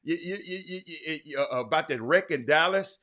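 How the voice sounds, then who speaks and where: Bright-voiced man hosting a livestream. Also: a little high, moderate pace. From Houston, Texas. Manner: chatty, talks to viewers by name, frequent restarts. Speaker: livestream host. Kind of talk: casual livestream chat reading viewer comments.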